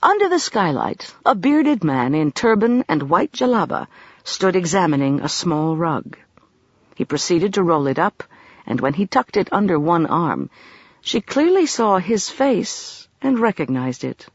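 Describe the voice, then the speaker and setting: Slow, expressive audiobook narrator. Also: medium pitch, dry recording, lo-fi sound.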